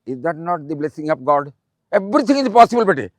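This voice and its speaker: Elderly Odia man, high voice, dry. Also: sing-song, no echo. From Odisha, India. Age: 80s. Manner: repetitive, fatherly, pauses with um. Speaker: retired school principal giving a speech. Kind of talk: motivational speech to students.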